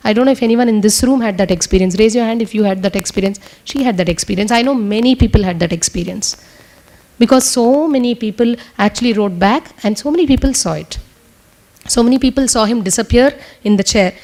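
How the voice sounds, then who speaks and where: A woman leading a spiritual teaching session, talking fast in an earnest, testimonial way. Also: on the high side, a little mellow. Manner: talks fast. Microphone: speaking to a room with translators.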